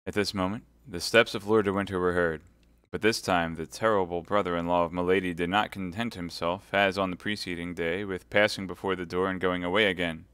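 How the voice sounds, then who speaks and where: A man reading a classic novel aloud live, in a measured, expressive way. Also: deep voice, smooth, no echo, clean studio sound. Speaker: audiobook reader.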